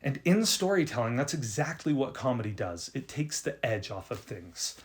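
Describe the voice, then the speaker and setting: Animated young man telling a story. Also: medium pitch, normal speed. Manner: animated, self-deprecating, frequent restarts. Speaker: writing video host. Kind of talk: casual storytelling to camera.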